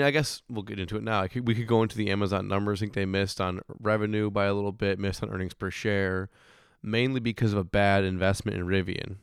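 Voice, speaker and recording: A hoarse man in his thirties talks casually about stocks, rambling and restarting his sentences, with the odd curse thrown in. His voice sits fairly low and sounds smooth under the strain. The recording is close and dry. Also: dry recording. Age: 30s. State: hoarse, recovering voice. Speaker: podcast host. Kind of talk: casual finance chat.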